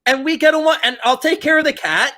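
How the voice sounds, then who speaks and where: High, bright rambling man. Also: quick pace. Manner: rambling, hedging with "like". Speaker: podcast co-host. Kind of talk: casual chat.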